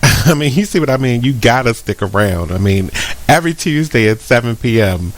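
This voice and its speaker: A man's voice: medium pitch, lively intonation, normal speed. A man hosting a radio show who jokes around and laughs at his own bits. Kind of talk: casual radio talk.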